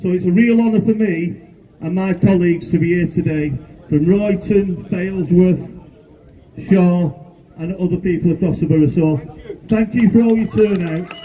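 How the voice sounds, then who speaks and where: A man's voice: high voice, moderate pace, mellow. A man who is a local councillor, giving a short, earnest speech at a street protest. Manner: earnest, plain-spoken. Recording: distant outdoor mic.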